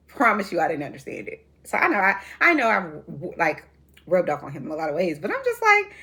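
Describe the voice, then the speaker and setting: A woman in her forties hosting a reality TV commentary chat, sassy and animated, laughing often as she talks. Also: on the low side, fairly quick, husky. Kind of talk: casual chat.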